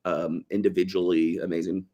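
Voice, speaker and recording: Male podcast co-host, casual, rambling, quick to laugh. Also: low-pitched, flat delivery, dark tone. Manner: laid-back, rambling, laughs often. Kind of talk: casual chat.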